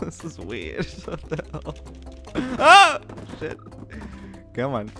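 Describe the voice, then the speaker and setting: A man talks over a game at an unhurried pace, laughing a lot. His pitch swings widely, and he breaks into high yelps and squeals when something surprises him. He is recorded on a desk mic at home, with faint music underneath. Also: very animated, gravelly. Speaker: gaming commentator. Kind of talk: casual let's-play commentary. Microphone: desk USB microphone.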